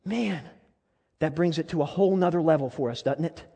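A man preaches from the pulpit, his voice pitched high and earnest as he presses the congregation with question after question. His delivery swells into fervent appeals. The sound rings with the long reverb of a large church hall. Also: fairly quick, vocal fry, warm tone. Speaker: pastor. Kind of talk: sermon.

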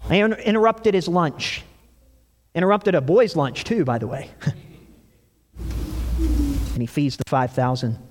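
A man preaching a sermon, telling stories with animated delivery and acting out quoted lines. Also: on the high side, measured pace, long pauses, big-room sound. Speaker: pastor.

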